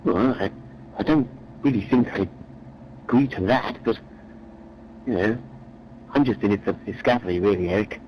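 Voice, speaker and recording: A low-pitched man rambles through a joke, chatty and meandering, often repeating himself. The recording is dull and lo-fi. A faint engine hum sits behind him. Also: normal speed, pauses often. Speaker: storyteller.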